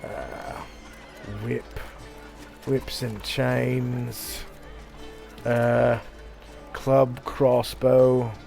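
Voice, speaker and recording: A man's voice: mid-range voice, flat delivery, drawn-out words, vocal fry, long pauses, dark tone, faint music behind. A man running a tabletop game as game master, loose and profane, often muttering to himself. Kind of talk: narrating a tabletop game stream.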